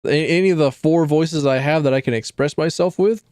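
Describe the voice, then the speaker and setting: A man's voice: a little high, brisk, a little mellow, dry recording, studio quality. A young adult man casually commenting while streaming a game, rambling and self-deprecating with stumbling restarts.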